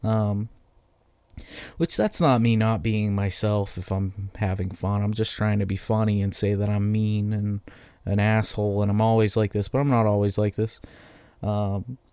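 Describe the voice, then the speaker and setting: A man's voice: fairly low pitch, fairly even intonation, moderate pace, warm tone, clean tone, no echo. Profane rambling young man. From Massachusetts. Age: 20s. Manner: profane, rambling, self-deprecating. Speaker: podcast host. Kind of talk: casual solo podcast rant.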